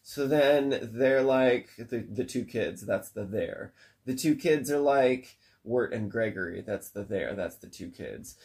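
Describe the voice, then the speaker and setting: A man's voice: medium pitch, expressive, unhurried, darkish tone. A man casually retelling a cartoon plot in long run-on sentences, rambling and occasionally swearing. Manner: rambling, run-on, profane, breathless recap. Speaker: storyteller recapping a cartoon. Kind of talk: casual chat.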